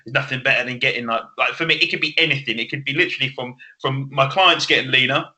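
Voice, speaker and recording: A man hosting a podcast in casual chat, excitable and sweary, laughing often. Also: mid-range voice, fast. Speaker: podcast host.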